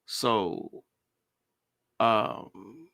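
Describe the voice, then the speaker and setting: A man commenting casually to viewers, speaking slowly and simply on purpose, repeating points and checking that viewers follow. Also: lowish voice, expressive, creaky, bright, forceful tone. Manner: deliberately slow and simple.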